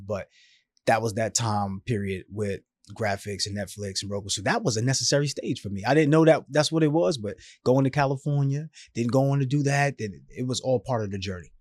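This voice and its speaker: A man in his thirties, a podcast guest, telling his life story in an animated, emphatic, casual way with slang. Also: on the low side, no room sound, studio quality.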